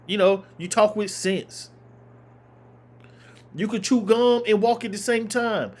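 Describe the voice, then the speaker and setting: A man delivers heated reaction commentary. His voice sits fairly high and he drives each point home by saying it again. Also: slow pace, pauses often. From Southern United States. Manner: emphatic, repeating points for force. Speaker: reaction video host. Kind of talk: opinionated commentary.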